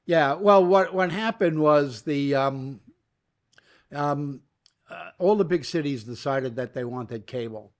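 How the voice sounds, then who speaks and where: A man's voice: a little high, slow. An older man from New York, a guest in an interview, telling long stories and acting out the dialogue as he goes. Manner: animated storyteller acting out quoted dialogue. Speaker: guest, media entrepreneur. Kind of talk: storytelling interview.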